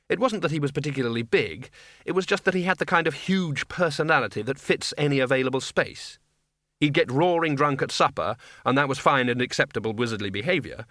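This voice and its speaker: A man reads a comic fantasy novel aloud in a wry, measured way. His voice is bright and clear. The recording is close and dry, with no room sound. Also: mid-range voice, dry recording. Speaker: audiobook narrator. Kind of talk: scripted narration.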